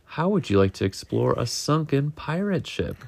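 A man's voice: fairly high pitch, very animated, moderate pace, vocal fry, breathy edge, no room sound, pitched above the performer's own voice, exaggerated voice. A man reading a storybook and voicing a big, friendly, proud male shark in a hearty tone. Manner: hearty, calls everyone mates.

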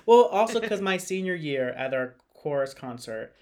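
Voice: medium pitch, lively intonation, moderate pace, a little mellow. Young adult, podcast co-host, casual chat, gushing, filler-heavy. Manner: gushing, fills talk with "like".

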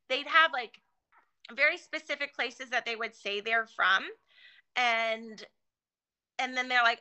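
Casual guest: a bright-toned, slightly high-voiced woman, animated storyteller, filler-heavy. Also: unhurried, pauses often, clear, resonant tone, poor audio. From California. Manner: chatty, animated storytelling with many fillers and restarts. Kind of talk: casual conversation.

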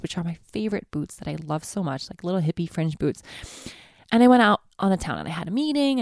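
Gravelly-voiced woman in her twenties. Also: lowish voice, dry recording, studio quality. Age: 20s. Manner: candid, confessional storytelling. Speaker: podcast host. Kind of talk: personal monologue.

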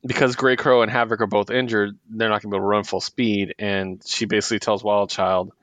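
The man speaks fairly quickly in a level, fairly low, slightly bright voice, recorded dry. Co-hosting a casual comic book podcast, he recaps the stories, laughs often and acts out the characters' dialogue.

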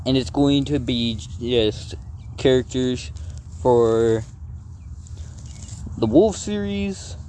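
A man's voice: medium pitch, warm tone. An easygoing man co-hosting a casual chat, rambling as he explains his plans. His delivery rises and falls a lot. There is a faint noise in the background. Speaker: co-host.

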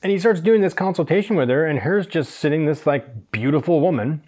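A man's voice: fairly high pitch, animated, a little fast, darkish tone. A young man casually telling a self-deprecating anecdote, acting out the voices of people in it. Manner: chatty, self-deprecating, acts out quoted voices. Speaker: hairstylist podcast host.

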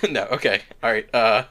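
A man's voice: medium pitch, very animated, slow pace, sharp tone. Guy running a tabletop game, swears a bit and laughs a lot, voice goes up and down all over. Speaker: game master.

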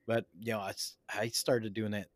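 A man sharing quick, upbeat anecdotes in a casual chat. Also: lowish voice, level tone, no echo.

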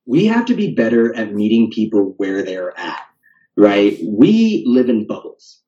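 A man's voice: fairly low pitch, big pitch swings, a little slow, mellow. A man, a fitness coach, talking casually on a podcast and ending his points with "right?". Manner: talkative, ends points with "right?". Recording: roomy, distant, dull lo-fi sound.

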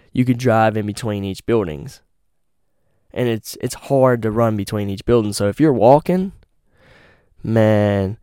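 A young man tells a story on his podcast, loose and full of cursing and slang. His voice is a little low and mellow, almost warm, close and dry on a studio mic with no room sound. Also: smooth, no room sound. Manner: profane, slangy, animated storyteller. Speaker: podcast host. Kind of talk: casual storytelling monologue. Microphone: studio mic with pop filter.

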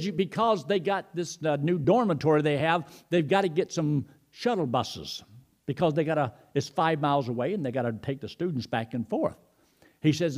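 A man's voice: medium pitch, darkish tone. A middle-aged man preaching a sermon, telling folksy stories and retelling phone calls in quoted speech. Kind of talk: sermon with storytelling.

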